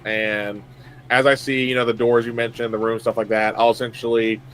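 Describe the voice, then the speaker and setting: A man's voice: mid-range voice, flat delivery, brisk, a bit bright, a little hiss or hum. A man playing a tabletop game, rambling with many fillers and restarts as he plans his character's moves. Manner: rambling, full of likes and restarts. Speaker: player. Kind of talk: casual tabletop play.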